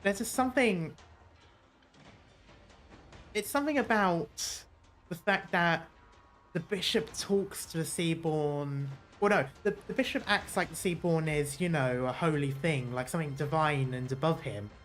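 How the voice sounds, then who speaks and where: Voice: medium pitch, measured pace, a bit bright. A game streamer chatting casually through a playthrough, rambling and correcting themself, swearing now and then. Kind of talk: casual let's-play commentary.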